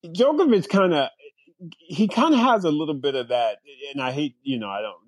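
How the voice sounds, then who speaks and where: A man's voice: on the high side, expressive, normal speed, breathy edge, no room sound. Male podcast co-host, casual and giggly, dry booth sound. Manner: laughs often, repeats words, drawling storyteller. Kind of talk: casual sports chat.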